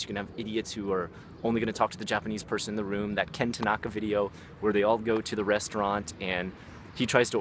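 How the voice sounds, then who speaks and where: A man's voice: on the low side, slight background noise. A man vlogging in a loose, slangy way, swearing often and filling his talk with "like" and "man" as he tells stories. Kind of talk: casual storytelling.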